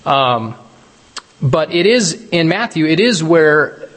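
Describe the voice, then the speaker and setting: A man's voice: a little high, expressive, slow pace, fairly bright tone, long reverb tail. A man preaching a casual, conversational sermon, often checking in with his listeners and laughing at his own retellings.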